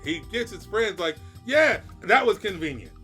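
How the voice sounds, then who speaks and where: Middle-aged man, dad reacting to anime, lively storyteller, silly impressions, high voice. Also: moderate pace, soft background music. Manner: animated storyteller acting out scenes in silly voices. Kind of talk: casual reaction chat.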